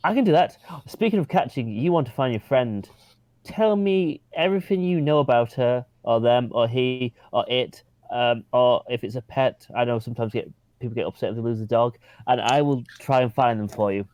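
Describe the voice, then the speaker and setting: A man voicing a timid, eager, childlike young male character who stammers and gasps with excitement in a tabletop role-play. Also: moderate pace, dry recording, dull audio, close to an everyday voice. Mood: earnest. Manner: excitable, stammering, gasping with high squeals.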